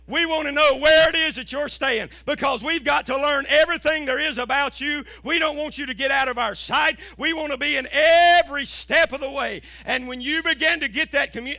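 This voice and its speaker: A middle-aged man, preaching an impassioned sermon as a pastor and rising to shouts. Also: very high voice, normal speed, no echo, studio quality.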